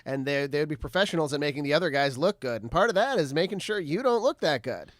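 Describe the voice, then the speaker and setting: A man in casual podcast chat, a little high in pitch, explaining things patiently and laughing a lot. His voice is recorded close and dry. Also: animated, fast talker, dry recording. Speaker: podcast co-host.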